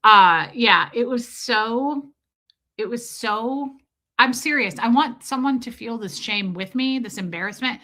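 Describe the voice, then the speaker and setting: A young woman chats casually with her livestream viewers, telling stories in an animated, rambling way. Her voice sits a little high and sounds bright and forceful, though it is slightly worn from screaming. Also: unhurried. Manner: chatty, rambling, animated storytelling. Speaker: livestream host.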